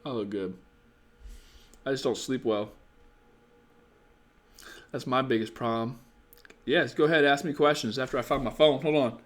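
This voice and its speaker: A man's voice: mid-range voice, moderate pace, long pauses. A tired young man hosting a casual live stream, giving blunt, profane dating advice and chatting with viewers in a rambling way.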